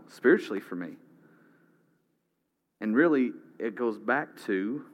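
A man preaching a sermon dramatically, rising loud and then dropping to a hush. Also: lowish voice. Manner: dramatic, swinging from loud to hushed.

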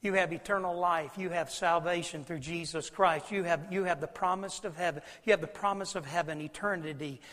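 A man preaching a sermon as pastor, emphatic and preacherly, swinging from loud declarations to low, intimate asides. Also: fairly even intonation, a little fast, few pauses. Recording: long reverb of a large hall.

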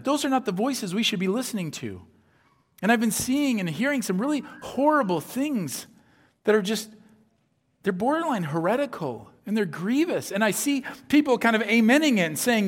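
A man preaching a conversational sermon, his voice sitting fairly high for a man. He throws in frequent rhetorical asides and acts out the people he quotes. His words carry a long reverb, as if spoken in a large church hall. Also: sing-song, moderate pace. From upper Midwest of the US. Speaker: pastor.

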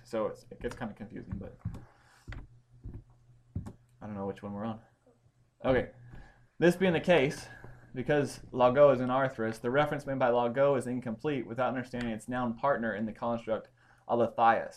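A man teaching a Bible study class, explaining points step by step and pausing to check that his students follow. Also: medium pitch. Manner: explanatory, checks understanding with questions.

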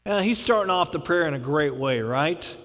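A man with a high voice preaches in a chatty, humorous way, slipping into little acted-out prayers. His voice rings in a church hall with a long echo. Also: lively intonation, moderate pace, fairly bright tone. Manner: conversational preaching with humor, acts out quoted prayers. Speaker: pastor. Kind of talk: sermon. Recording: reverberant hall.

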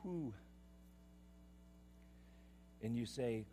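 A man preaching a sermon, impassioned, swinging from loud declaiming to hushed, confiding tones. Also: fairly high pitch, expressive, a little slow, slight background noise. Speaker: pastor.

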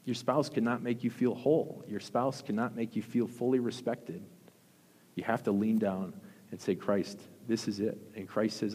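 A man preaching a sermon as pastor, earnest, with emphatic rises and soft, intense drops. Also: fairly low pitch, fairly even intonation, normal speed. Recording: long hall reverb.

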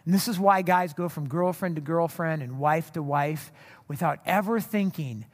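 Animated preacher in a reverberant hall. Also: male voice, fairly high pitch, normal speed. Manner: animated, conversational preaching with rhetorical asides. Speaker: pastor. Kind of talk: sermon.

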